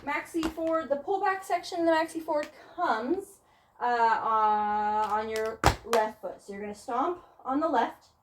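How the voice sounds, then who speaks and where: A woman with a somewhat high voice teaches tap, briskly calling steps and counts in an encouraging tone. Her voice rings around an echoey studio, and loud tapping clicks fill the background. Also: recorded from a distance, very noisy. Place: dance studio.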